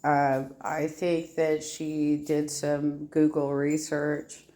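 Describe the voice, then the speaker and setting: A woman co-hosting reaction commentary, matter-of-fact and measured. She speaks slowly in a very flat, low voice.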